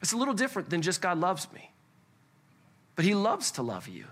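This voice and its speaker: A man preaching a sermon as pastor to a church congregation, conversational and animated, often restarting with repeated words. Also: high-pitched, fairly quick.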